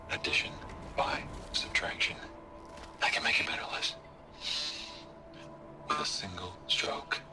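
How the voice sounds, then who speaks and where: An actor playing a cold, scheming male executive in a game's archive recording, speaking in low, clipped tones that sometimes drop to a hush.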